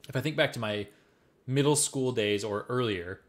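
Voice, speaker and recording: A young man from the American Midwest co-hosting a podcast, telling stories in casual, profane, animated chat. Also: medium pitch, moderate pace. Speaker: podcast co-host.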